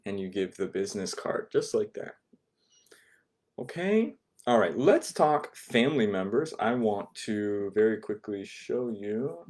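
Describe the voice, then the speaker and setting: A man's voice: on the low side, expressive, normal speed, a little mellow. A man teaching an online Japanese class, patiently repeating words and checking in with "okay?" after each point.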